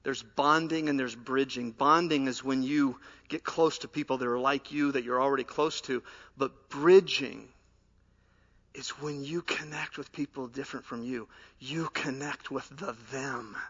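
Preacher, man, bright and forceful, shifting between lively storytelling and quiet earnestness. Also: mid-range voice, unhurried, dull audio. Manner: animated storytelling, drops to soft earnest tones. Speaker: pastor. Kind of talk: sermon.

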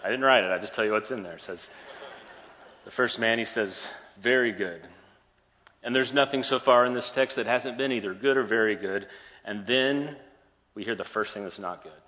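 Bright-voiced joking preacher in a hall. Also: male voice, mid-range voice, brisk. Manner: playful, joking storyteller. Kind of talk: sermon retelling a scripture story. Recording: dull recording with long hall reverb.

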